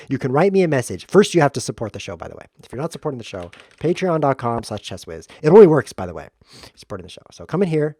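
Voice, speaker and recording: A man hosting a chess stream, joking through playful deadpan tangents and mock lectures while he plays. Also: mid-range voice, breathy edge, no echo. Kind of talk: rambling comedic commentary while playing.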